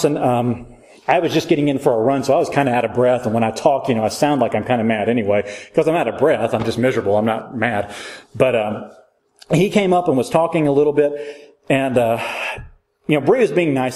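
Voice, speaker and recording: A man's voice: mid-range voice, darkish tone. A man teaching a church Bible class in a casual, joking way, asking his listeners questions as he goes. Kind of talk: conversational Bible class lecture.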